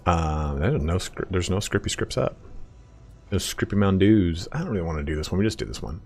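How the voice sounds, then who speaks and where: A man's voice: low voice, lively intonation, brisk, darkish tone. A man streaming a game, chatting casually in a rambling, stop-start way and swearing now and then, on a desk microphone. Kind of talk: casual chat while gaming.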